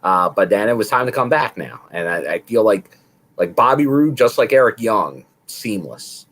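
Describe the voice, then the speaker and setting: Lively low-voiced man chatting. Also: moderate pace. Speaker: podcast co-host. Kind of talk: casual chat.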